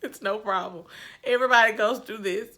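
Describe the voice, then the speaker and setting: A woman quoting a calm, patient male doctor in a soothing, reassuring tone. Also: mid-range voice, fairly quick, natural voice.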